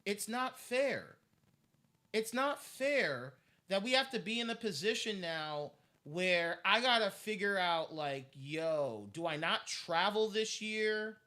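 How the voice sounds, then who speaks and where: A man's voice: high-pitched, lively intonation, unhurried, few pauses, bright, forceful tone. A man ranting on a live stream, heated and profane, repeating himself as he vents.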